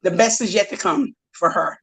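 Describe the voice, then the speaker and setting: A woman's voice: medium pitch, normal speed, low-quality recording. A woman who coaches strength and conditioning talks as a guest on a podcast. She tells stories with energy, bringing other people's words to life as she speaks. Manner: lively storyteller, acts out quoted dialogue. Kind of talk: casual interview.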